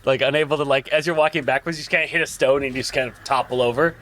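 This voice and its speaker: Halting dungeon master narrating a game. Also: male voice, medium pitch, steady tone, pushed and bright, a little hiss or hum. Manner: halting, full of ums and restarts.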